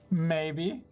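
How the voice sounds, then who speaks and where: Here the streamer, a young adult, has a mid-range, darkish voice. Chatting with viewers during live gameplay, they tease, laugh frequently, swear casually and react fast.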